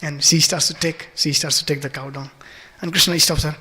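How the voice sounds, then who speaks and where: A man's voice: on the high side, fairly even intonation, a little fast, pushed and bright. A man giving a devotional scripture class in a temple hall, telling stories with many fillers and acting out the voices.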